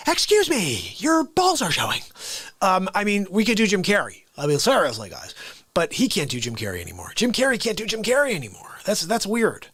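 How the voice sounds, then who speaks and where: A man hosting an unscripted live comedy stream, talking in an excitable, rambling way and often cutting himself off mid-sentence. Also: high voice, fast, breathy edge, no echo. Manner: excitable, rambling, self-interrupting. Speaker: livestream comedy host.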